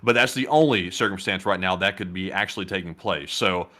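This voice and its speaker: A man's voice: sits low, brisk, bright, forceful tone. Opinionated male host explaining steadily. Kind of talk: casual political commentary.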